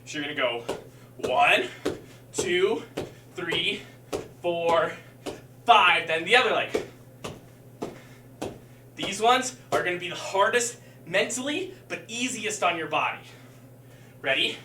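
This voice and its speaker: A man's voice: sits high, animated, slow pace, long pauses. A male martial arts instructor leading a live-streamed workout, counting reps and calling cues while he exercises, slightly out of breath. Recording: echoey room, mic far off, faint hum.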